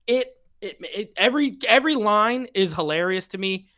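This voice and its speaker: A podcast host chatting casually on a live stream, reading viewer picks aloud in a playful, animated way. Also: mid-range voice, moderate pace.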